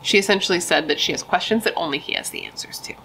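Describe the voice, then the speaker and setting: A woman's voice: lowish voice, quick pace, vocal fry, pushed and bright, a little hiss or hum, low-quality recording. A young woman casually telling a true crime story, emphatic and chatty, swearing and saying dude and like.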